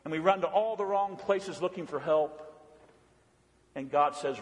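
A man with a high voice delivers an emphatic sermon, repeating his points and dropping to a hush before building again. The recording carries a long reverb from a church sanctuary. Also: moderate pace. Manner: emphatic, repetitive, swings between loud and hushed. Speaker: preacher.

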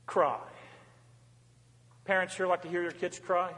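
A middle-aged man, a pastor, giving a fervent sermon in a church, moving between raised cries and soft, low asides. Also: fairly even intonation, unhurried. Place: church sanctuary. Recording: reverberant church hall.

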